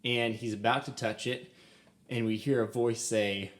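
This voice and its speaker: A man's voice: mid-range voice, steady tone, moderate pace, fairly bright tone. A young man co-hosting a casual podcast about a film. He talks eagerly with many "um"s and laughs often. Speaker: podcast co-host.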